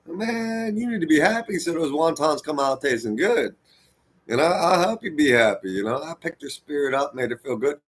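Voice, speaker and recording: A man's voice: mid-range voice, breathy edge. Fired-up male vlogger in his forties, lecturing viewers in a loose, profane, rambling rant. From United States. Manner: heated, profane, rambling and preachy. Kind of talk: unscripted rant to camera.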